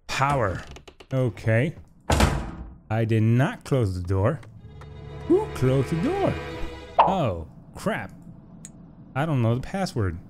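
A young man commentating a horror game he is playing, jumpy and teasing the baby character with mock insults. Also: medium pitch. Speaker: gaming YouTuber. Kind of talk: let's play commentary. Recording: game music playing behind. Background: game music.

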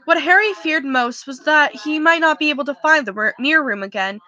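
Bright-voiced woman reading a novel aloud. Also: high-pitched, fairly quick, lo-fi sound. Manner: casual reading with slips and restarts. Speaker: reader.

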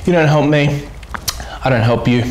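A man's voice: fairly high pitch, moderate pace, close to an everyday voice. An actor playing a blustering policeman who grills a silent suspect in a mock-tough, theatrical way. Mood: stern. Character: blustering male cop interrogating a silent suspect. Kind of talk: comedy web-series acting. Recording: echoey room with faint noise.

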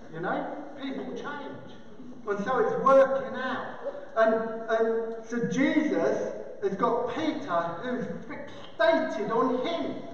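Brief: a male pastor with a very high voice, playful and animated, recorded from far off. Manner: animated, joking, imitates animal noises. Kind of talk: sermon. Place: large church hall. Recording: echoey hall, distant, dull.

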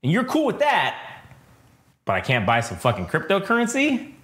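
A man co-hosting a podcast, chatting casually and telling stories in an animated, profane, ranting way. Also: high voice, normal speed. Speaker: podcast co-host. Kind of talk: casual chat and storytelling. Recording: roomy echo.

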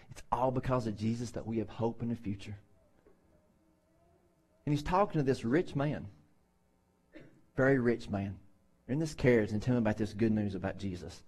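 A man's voice: mid-range voice, normal speed, pauses often, a little mellow, husky. A man pastor preaching a sermon in a conversational way, acting out the people in Bible stories with voices.

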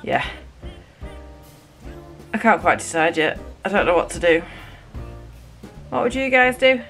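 A woman's voice: lowish voice, big pitch swings, measured pace, fairly bright tone, faint music behind. Chatty British woman vlogging at home. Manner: chatty, talking straight to viewers. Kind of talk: casual home vlog.

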